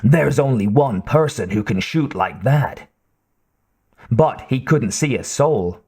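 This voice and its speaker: Male audiobook narrator, slow, lively pitch, husky tone. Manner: slow, expressive reading. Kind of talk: scripted narration.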